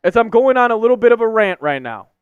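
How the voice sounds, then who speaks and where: On a live stream, a young man with a high, smooth voice rants in frustration, his pitch swinging widely as he speaks fast and repeats his complaints. The dry, slightly dull lo-fi audio has faint music in the background.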